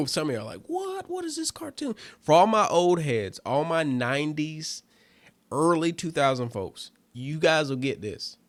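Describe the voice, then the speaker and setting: A man's voice: a little high, expressive, a little slow, no echo. A comedian hosting his own show, chatting casually and loosely to listeners with lots of fillers and calling them family. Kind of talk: casual solo chat to listeners.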